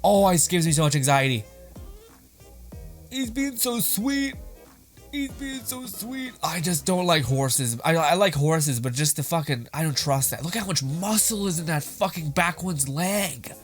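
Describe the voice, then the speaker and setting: A man's voice: a little high, normal speed, hardly any pauses, soft background music. A young man hosting, giving casual, rambling reaction commentary with frequent laughter and plenty of swearing. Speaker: host reacting to videos.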